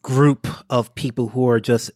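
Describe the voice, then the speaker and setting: A man's voice: mid-range voice, steady tone, unhurried, a little mellow, dry recording, clean studio sound. A man hosting a casual political chat podcast, joking and laughing often. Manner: joking, laughs often, reads quotes aloud. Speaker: podcast host.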